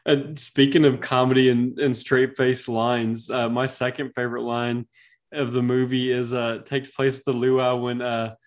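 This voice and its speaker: A man co-hosting a casual movie podcast, relaxed, steering the talk from one topic to the next. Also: medium pitch, a little slow. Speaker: podcast co-host.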